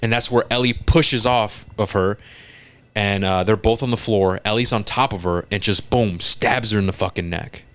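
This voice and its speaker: A lower-pitched man on a casual podcast, walking through a scene beat by beat. He acts out the lines as he goes, swears freely, and keeps the energy up. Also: moderate pace. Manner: animated retelling, acting out lines, frequent swearing. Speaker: podcast co-host.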